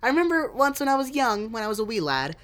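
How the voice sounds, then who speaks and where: A woman's voice: a little high, sing-song, fast talker, a bit bright. A woman from California co-hosting a podcast, joking crudely and laughing often in casual chat. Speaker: podcast co-host.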